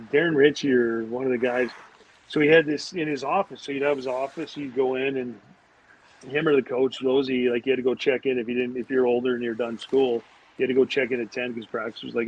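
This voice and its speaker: A former pro hockey player guests on a podcast, spinning loose, animated stories crowded with fillers and false starts. His voice sits at a medium pitch with a breathy edge, and the lo-fi recording sounds dull.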